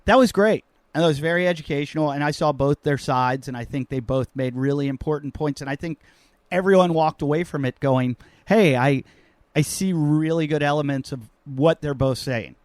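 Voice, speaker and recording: A man with a fairly high voice hosting a podcast, riffing in an animated, rambling way and poking fun at himself. His voice is dry and close, with little room sound around it, and it carries the loose energy of a remote call between friends. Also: normal speed, no echo. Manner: animated, rambling, self-mocking. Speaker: podcast host. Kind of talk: casual joking chat.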